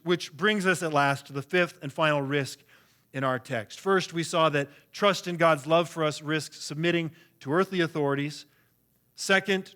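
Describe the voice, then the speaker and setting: A man preaching a sermon with an earnest, emphatic delivery. His voice sits a little higher than most men's, and he often repeats words as he builds to his point. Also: bright, forceful tone. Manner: earnest, emphatic preaching with frequent word repetitions. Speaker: pastor.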